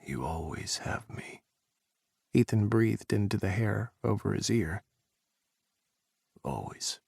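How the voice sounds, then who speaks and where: A man voicing a shaken, low-voiced man who speaks softly and quietly. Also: flat delivery, normal speed, gravelly, no room sound, studio quality. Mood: whispering. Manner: soft, hushed, low delivery.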